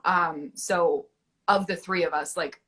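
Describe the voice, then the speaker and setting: A young woman talks in a lively, chatty way, her voice bright and a little husky. She keeps her thoughts rolling with fillers and quick restarts, guest on a relaxed interview chat. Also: lowish voice. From Canada. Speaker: guest actress.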